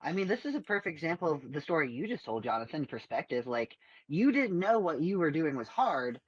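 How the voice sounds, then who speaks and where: A man's voice: fairly high pitch, very animated, fairly quick, husky. Upbeat man on a dull, lo-fi mic. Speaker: podcast co-host. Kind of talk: casual podcast chat.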